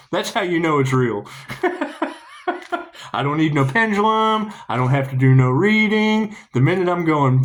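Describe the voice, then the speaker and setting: Here the tarot reader sounds higher-pitched and very animated, speaking at a moderate pace. His spiritual talk wanders loosely, peppered with swearing, laughs, and humming.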